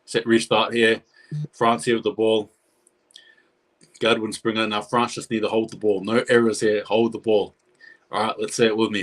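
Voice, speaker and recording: A man with a low-ish voice at normal speed gives live reaction commentary on a rugby league match. He's chatty and excitable, talking directly to his viewers.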